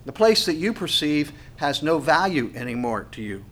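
A man delivers a sermon in a fairly high voice. He swells on the scripture readings and sinks to a quieter, lower register when he explains them to the listeners. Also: moderate pace, few pauses. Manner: animated preaching, voice swells on scripture and drops low on asides. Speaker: pastor.

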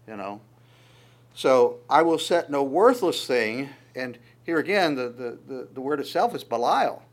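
A man preaching a sermon, lively and conversational, often stammering on repeated words and acting out quoted voices. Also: mid-range voice. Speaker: pastor.

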